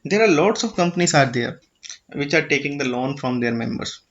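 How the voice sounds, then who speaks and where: Indian English male tutor, fairly high voice, patient step-by-step explainer, muffled lo-fi recording. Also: expressive, fairly quick. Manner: repeats "okay?" to check understanding, with frequent restarts. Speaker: tutorial presenter. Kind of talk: explanatory screen-share tutorial. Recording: dull lo-fi audio.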